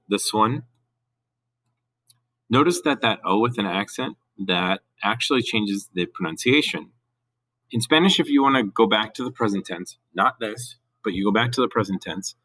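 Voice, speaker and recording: A man's voice: on the low side, pushed and bright, dry recording. A man teaching a recorded Spanish grammar lesson, who explains patiently and switches between English and Spanish.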